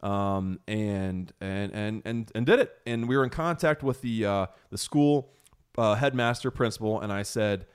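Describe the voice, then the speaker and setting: Casting: American male podcast host in his thirties, slightly low voice, eager and rambling. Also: measured pace, clean tone. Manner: enthusiastic, rambling, lots of fillers and restarts. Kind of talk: casual storytelling chat.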